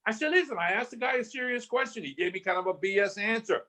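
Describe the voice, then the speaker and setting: A man's voice: high voice, fast, pushed and bright. An older man guest from Southern California telling a story in a podcast interview, acting out the voices he quotes and restarting his phrases often.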